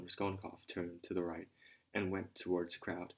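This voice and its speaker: A man's voice: sits low, flat delivery, moderate pace, rough recording. A man narrating an audiobook, reading steadily with occasional stumbles and restarts. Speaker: audiobook reader.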